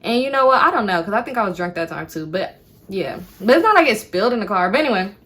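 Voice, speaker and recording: Bright-voiced young woman telling a story. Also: mid-range voice, quick pace. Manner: animated, profane storytelling to viewers. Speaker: vlogger. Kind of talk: storytime vlog.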